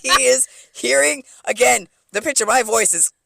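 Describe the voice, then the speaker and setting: A woman's voice: a little high, normal speed, creaky, no room sound, clean studio sound. A woman co-hosting a casual podcast, telling a work story with lots of swearing and acting out what coworkers said. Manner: animated storytelling, swears a lot, acts out coworkers' lines. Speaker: podcast co-host, restaurant server.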